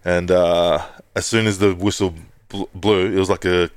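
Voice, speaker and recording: His voice sits low and moves at a normal speed, recorded clean and dry. As a podcast co-host, this man swaps swear-filled stories in casual conversation and imitates whoever he's quoting.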